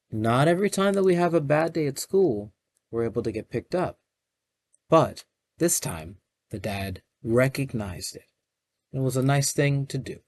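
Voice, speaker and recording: A man, a children's librarian, reading a picture book aloud to young children in a gentle manner, stopping to explain the pages. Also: mid-range voice.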